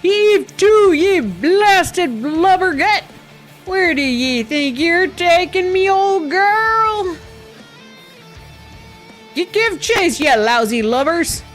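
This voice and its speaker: A woman's voice: very high-pitched, lively intonation, drawn-out words, soft background music, voice pushed up, heavily acted. A woman voicing a boisterous old male pirate captain, in a hearty drawling pirate manner, reading game dialogue aloud. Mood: bellowing.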